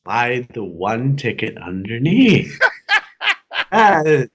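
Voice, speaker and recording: Animated young man telling jokes. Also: medium pitch, slow pace, husky. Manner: animated storyteller who laughs at his own jokes. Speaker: podcast co-host. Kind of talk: casual joke-telling chat.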